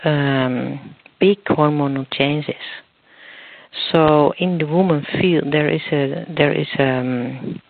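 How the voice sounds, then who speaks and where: A man's voice: fairly high pitch, slow pace, vocal fry, no room sound. A man being interviewed as a guest expert, explaining at length while searching for words and restarting often. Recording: tinny phone line.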